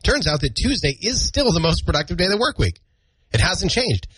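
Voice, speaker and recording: A man's voice: high voice, sing-song, brisk, a bit bright, slightly rough, dry recording. A man hosting a morning radio show, joking and reading out listener comments in a studio. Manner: jokey, reads out listener comments. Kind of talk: casual radio banter.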